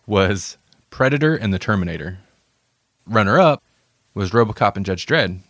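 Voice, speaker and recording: Male podcast host, low pitch, dry close sound, jokey rambling delivery. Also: expressive, unhurried, fairly bright tone, dry recording. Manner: joking, rambling, laughs often. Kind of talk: casual chat.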